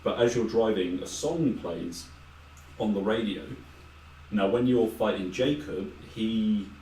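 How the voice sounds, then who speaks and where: A low-pitched man chats loosely through a game's plot, piling on fillers and quoting characters along the way. He sits back from the mic in an echoey room with a faint hiss behind him. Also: measured pace, dark tone, far from the mic. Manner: rambling, filler-heavy retelling with quoted asides. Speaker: podcast co-host. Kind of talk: casual chat, game recap.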